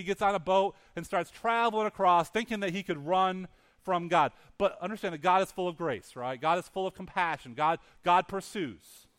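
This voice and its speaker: In a high-pitched, smooth and slightly bright voice, a man preaching a sermon animatedly tells a story. He voices the characters' lines himself and frequently restarts or repeats words.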